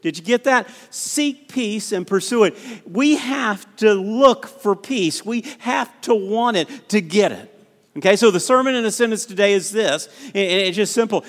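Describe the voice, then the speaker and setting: High-voiced pastor preaching. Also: male voice, moderate pace. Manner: repeats words, asks congregation for responses. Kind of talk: sermon. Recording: reverberant church hall.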